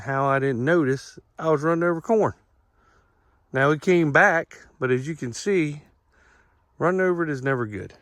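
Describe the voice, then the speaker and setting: In a casual vlog walkthrough, a middle-aged man with an Eastern Shore accent tours his cornfield outdoors, speaking plainly and repeating himself. His medium-pitched voice is a bit bright, captured in a dry, studio-quality recording.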